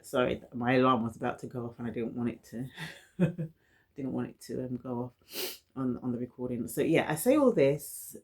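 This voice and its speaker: A woman's voice: very deep voice, moderate pace, slightly rough. A woman from London with a London accent talks candidly to camera in a personal vlog. She stutters, often repeats words and restarts her phrases, and speaks in an earnest, encouraging way. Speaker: vlogger. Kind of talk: personal reflective talk to camera.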